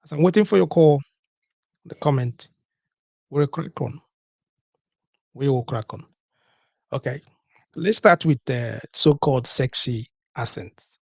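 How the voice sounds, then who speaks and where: A man's voice: mid-range voice, unhurried, vocal fry, long pauses, no room sound. A man hosting a solo podcast, talking in a rhetorical way, repeating his points and asking "okay?" to his listeners. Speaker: podcast host.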